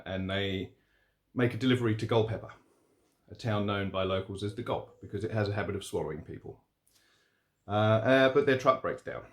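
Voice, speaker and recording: A man reading his own horror story aloud, steady and relaxed, with a few fillers. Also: lowish voice. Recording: roomy echo.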